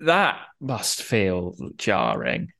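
A man's voice: fairly low pitch, huge pitch swings, drawn-out words, creaky, pushed and bright. A man hosting a podcast interview, reacting casually, laughing easily and swearing now and then. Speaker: podcast host.

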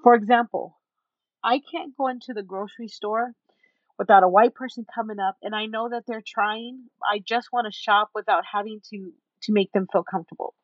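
A woman guest in an interview, telling a story in an animated way and acting out the people in it. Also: mid-range voice, normal speed, dry recording, dull audio. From Texas. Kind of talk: storytelling in a conversation.

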